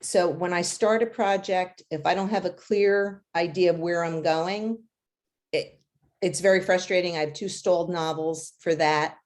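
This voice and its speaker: With a lowish, slightly mellow voice, this children's author keeps a steady tone and moderate pace. She answers interview questions chattily, dotted with fillers and light laughter.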